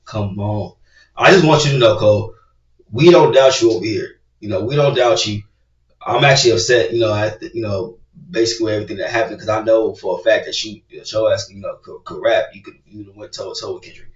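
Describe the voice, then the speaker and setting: A man's voice: lowish voice, fairly quick, recorded from a distance. Play a hyped man reacting in an echoey room. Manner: hyped and profane, repeats "bro, come on". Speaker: reaction video host. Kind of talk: casual reaction commentary. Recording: roomy, dull sound from away from the mic.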